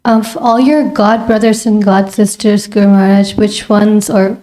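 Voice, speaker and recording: A woman's voice: medium pitch, flat delivery, moderate pace, warm tone. A woman moderating a Q&A, politely reading out online questions. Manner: polite and deferential.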